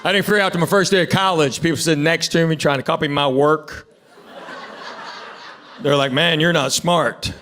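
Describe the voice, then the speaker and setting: A man's voice: a little high, steady tone, a little fast, pauses often, a bit bright. Man telling stand-up stories. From Knoxville, Tennessee. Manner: easygoing storytelling, bantering with the audience. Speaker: stand-up comedian. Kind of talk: stand-up comedy set. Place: comedy stage before a live audience. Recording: live show with audience noise.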